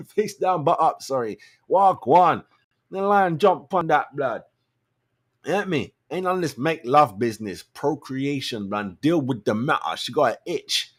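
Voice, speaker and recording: Husky man ranting. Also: moderate pace. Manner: animated, slangy and blunt, swings between low mutters and loud outbursts. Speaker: show host. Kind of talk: casual opinion rant.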